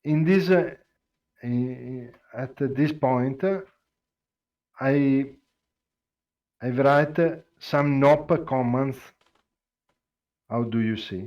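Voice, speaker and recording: A man with an Italian accent, Italian his first language, explaining code on a live stream, halting with many fillers and restarts. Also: medium pitch, a little mellow, muffled recording. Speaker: programming presenter.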